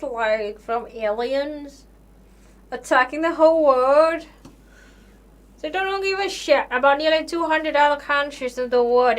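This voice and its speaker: A woman's voice: sits high, a bit bright. A young woman hosting a live stream, chatting casually with viewers and answering questions. She talks in a sarcastic, incredulous way, with lots of fillers, and she swears now and then.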